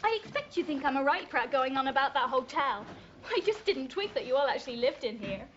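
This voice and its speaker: A woman's voice: sits high, sing-song, a little fast. An actress playing a sixteen-year-old girl, lonely and attention-seeking, who talks coyly in a TV drama. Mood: chatty. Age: teens. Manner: coy, then hurt. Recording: muffled old TV soundtrack with faint hiss.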